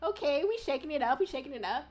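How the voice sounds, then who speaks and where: A woman's voice: sits high, lively intonation, quick pace, a little mellow. A young woman streamer chatting casually with viewers, rambling with lots of fillers and swearing. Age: young adult. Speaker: VTuber streamer. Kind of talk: casual livestream chat with viewers.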